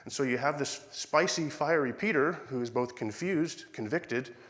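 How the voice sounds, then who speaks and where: A man's voice: mid-range voice, normal speed, fairly bright tone. A man with an Irish accent preaching a sermon in a church, reading scripture and acting out the quoted dialogue in a conversational, self-correcting way.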